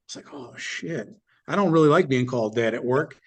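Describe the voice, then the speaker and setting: A middle-aged man telling his business story in an interview, in a blunt, animated way with some swearing. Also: medium pitch, a little fast, husky. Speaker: business owner guest.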